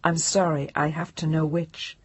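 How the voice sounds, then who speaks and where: A woman's voice: sits low, level tone, normal speed, breathy edge, no echo. A woman narrator voicing a formal, businesslike female telephone operator.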